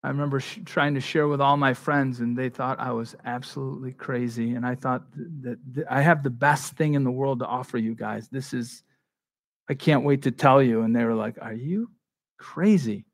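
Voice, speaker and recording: A male pastor preaching a sermon in a conversational way, slipping into quick voices for the people in the story. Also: mid-range voice, flat delivery.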